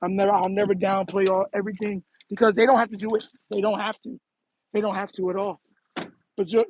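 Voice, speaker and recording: A young man with a high-pitched voice and a breathy edge talks to his live stream chat while running errands, animated and repetitive, calling people "bro" a lot. The recording is rough.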